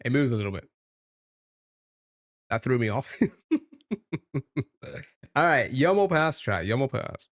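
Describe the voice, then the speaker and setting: A man's voice: medium pitch, big pitch swings, measured pace, pauses often, dry recording, studio quality. A man from the United Kingdom, streaming and chatting casually, thinking aloud while he guesses and jokes with his chat. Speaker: live streamer.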